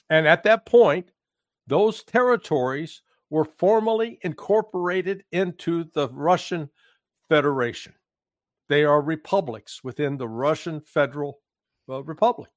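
A man giving political commentary in conversation, emphatic and halting, with restarts and fillers. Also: fairly high pitch, no room sound. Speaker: guest commentator.

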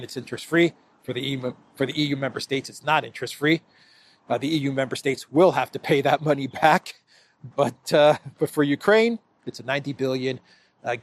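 Sarcastic laughing male commentator. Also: fairly high pitch. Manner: sarcastic, laughs often, repeats phrases. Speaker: political commentator. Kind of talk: casual solo commentary.

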